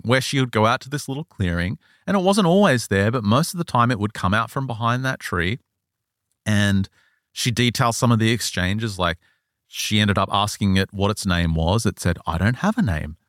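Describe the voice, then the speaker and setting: A man hosting a podcast, telling an eyewitness story in a casual, animated way and acting out the quoted lines. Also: mid-range voice, no echo, studio quality. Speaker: podcast host. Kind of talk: casual chat, retelling an eyewitness account.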